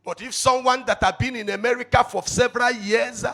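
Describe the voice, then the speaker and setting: Fiery Nigerian preacher, high gravelly voice. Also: male voice, steady tone, fairly quick. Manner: fervent preaching, swings from shouting to low asides, rhetorical questions. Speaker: evangelist. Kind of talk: sermon.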